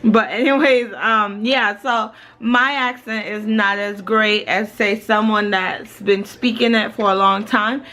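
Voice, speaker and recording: A woman's voice: medium pitch, steady tone, a little slow, hardly any pauses, sharp tone, low-quality recording. A woman in her thirties from Jamaica, chatting casually to camera in a home vlog, rambling and full of "you know"s. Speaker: family vlogger.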